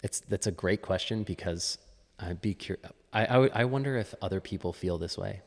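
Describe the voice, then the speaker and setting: A man's voice: deep voice, moderate pace, big-room sound. A man who is a fitness coach, chatting as a podcast guest in a musing, restarting way. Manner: musing, with frequent restarts and laughs. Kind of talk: casual interview chat.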